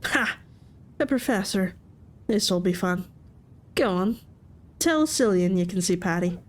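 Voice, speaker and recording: Woman doing a gruff Irish-ish gang thug. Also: mid-range voice, lively intonation, unhurried. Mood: suspicious. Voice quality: attempted Irish accent. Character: gruff Irish gang doorman, suspicious, bullying. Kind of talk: game voice acting.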